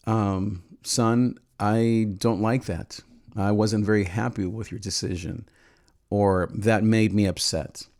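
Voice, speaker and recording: A man in his forties, a parenting channel host, giving gentle, earnest advice with frequent pauses and restarts. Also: lowish voice. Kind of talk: reflective advice talk.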